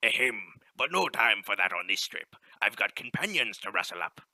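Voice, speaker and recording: A man's voice: on the low side, big pitch swings, moderate pace, pushed and bright, no room sound, full character voice. A man voicing a jolly, pirate-like male caravan leader for a video game, reading his lines with a growly pirate drawl and old-timey slang. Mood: eager, chatty. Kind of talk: amateur game voice-over reading.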